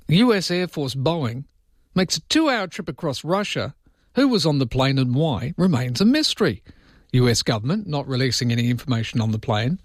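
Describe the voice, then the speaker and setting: A man's voice: mid-range voice, sing-song, brisk, no echo, studio quality. A man hosting overnight talk radio, chatting casually with jokey, self-mocking asides. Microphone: studio microphone.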